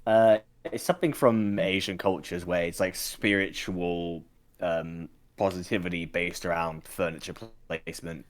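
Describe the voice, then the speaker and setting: A man's voice: deep voice, fairly even intonation, a little slow. A man narrating a tabletop game as game master, hesitant and full of fillers.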